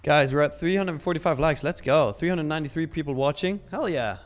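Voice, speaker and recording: A man's voice: on the high side, fairly quick, soft background music. A man hosting a live trading stream, talking casually and joking as he reads out chat messages.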